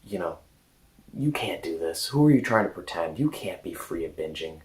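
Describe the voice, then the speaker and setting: A hushed, belittling inner critic with a low, deep voice, spoken softly and sharply, as a man puts it on. It sounds like a cutting voice from inside one's own head. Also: animated, moderate pace, poor audio.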